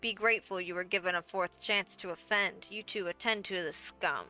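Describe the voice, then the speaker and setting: A man voicing a cold, menacing rich lord in a game, in a slow and measured way. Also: sits high, steady tone, sharp tone, faint music behind, heavily acted, poor audio. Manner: slow, icy, measured threat. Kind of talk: game voice acting.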